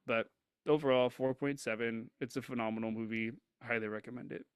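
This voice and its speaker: A man's voice: mid-range voice, fairly even intonation, brisk, smooth, no room sound. A man co-hosting a movie review podcast, giving his earnest opinion with frequent hesitations. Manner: earnest, hesitant, lots of ums and likes. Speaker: podcast co-host. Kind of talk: casual movie review chat.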